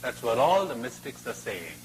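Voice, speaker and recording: A man giving a spiritual talk and telling a fable, expressive with dramatic pauses. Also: medium pitch, a little hiss or hum, poor audio. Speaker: spiritual speaker.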